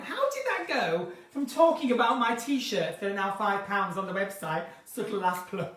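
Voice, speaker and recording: A woman's voice: medium pitch, a bit bright, recorded from a distance. A woman hosting an unscripted live stream chat, playful and chatty, reading viewers' comments aloud. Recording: roomy sound from a mic set back.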